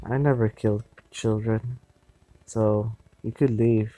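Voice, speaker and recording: Brief: curt, menacing young antihero, read by a man, mellow tone, slow delivery. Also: on the low side, little pitch movement, dry recording, poor audio. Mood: cold. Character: cold, deadly young male antihero.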